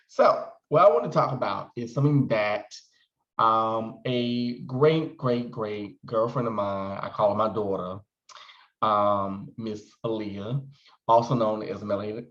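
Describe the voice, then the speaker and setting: Man, 40s, expressive casual vlogger; roomy, slightly muffled recording. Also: lowish voice. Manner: chatty, expressive, calls viewers "honey". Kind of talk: casual chat to camera.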